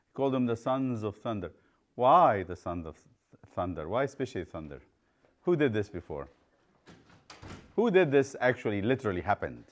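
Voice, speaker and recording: A man's voice: lowish voice, expressive, brisk. A man teaching a children's Bible study, quizzing the class and retelling stories with acted-out voices.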